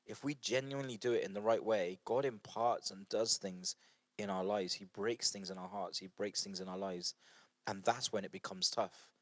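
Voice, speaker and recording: An earnest man with a lowish voice leads a church study group. He talks in a loose, conversational way, repeating himself and using fillers. The sound is dry and close. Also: moderate pace, no room sound. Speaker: church leader guiding a book study group. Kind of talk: informal devotional talk to an online group.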